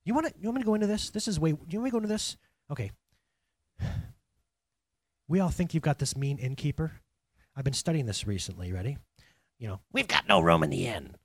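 A male pastor preaches in a loose, conversational way and keeps tossing questions at the people in front of him. His voice sits a little high and swings widely in pitch. The sound is dry and close, with little room in it. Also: fast, long pauses, no room sound. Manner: conversational, animated, talks to congregation directly. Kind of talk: sermon.

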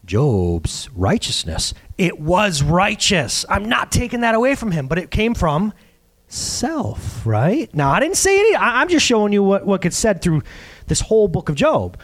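A man preaching in a casual, conversational way, his voice sitting high and leaping up and down with emphasis. He acts out the quotes he reads. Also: sing-song, normal speed. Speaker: pastor. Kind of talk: sermon.

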